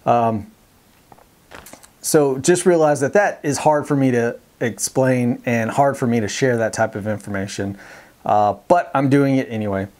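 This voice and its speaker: Speaking a little slowly in a mid-range, darkish voice, a man with a Texan accent rambles to camera about fishing in a casual vlog. He comes across as plainspoken and determined, with many ums and false starts.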